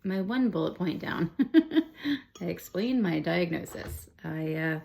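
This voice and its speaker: Young woman with heavy vocal fry. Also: on the low side, animated, slow, warm tone, a little hiss or hum. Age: 20s. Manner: rambling, emotional, full of "like" and restarts. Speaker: vlogger sharing her cancer diagnosis. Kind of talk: candid personal storytelling to camera.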